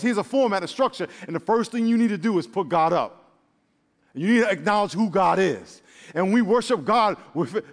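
A man with a high voice preaches to his congregation in a church. He's animated and jokey, acting out little voices and talking to the crowd as y'all. A long reverb trails his voice through the hall. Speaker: pastor. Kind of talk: sermon.

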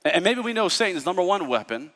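A male pastor preaching a sermon, telling stories in an animated way and acting out the voices of the people in them. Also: high-pitched, fast, long reverb tail. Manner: storytelling, animated, acts out voices. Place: church.

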